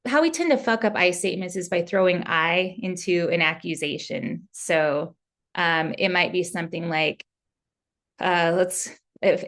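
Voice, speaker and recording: A woman therapist with a lowish, gravelly voice gives relationship advice in an easygoing, candid way. She talks like she's chatting with a client, with fillers and sample phrases mixed in. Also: fairly bright tone. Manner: casual, candid, with fillers and quoted example phrases.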